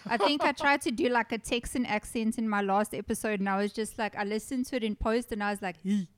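A woman's voice: fairly high pitch, quick pace, clean tone, dry recording. A woman from South Africa hosting a podcast, chatting casually and telling a story with lots of laughter. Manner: giggly, animated storyteller. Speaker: podcast host. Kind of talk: casual chat.

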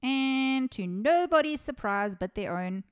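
A woman's voice: high voice, lively intonation, unhurried, clear, resonant tone. A woman, hosting a podcast and telling a true-crime story in a casual, chatty way, swearing often and laughing at her own sarcastic asides. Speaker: podcast host.

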